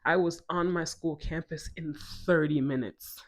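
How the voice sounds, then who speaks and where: A woman from Ghana telling a personal story in a casual vlog, animated and emphatic, often going off on tangents. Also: low voice, moderate pace. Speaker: vlogger.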